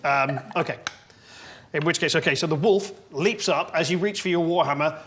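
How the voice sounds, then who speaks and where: Giggly English game master, slightly high. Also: male voice, normal speed, fairly bright tone. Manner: laughs often, rambling comic narration. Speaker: dungeon master. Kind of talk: narrating a tabletop game. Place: indoor room.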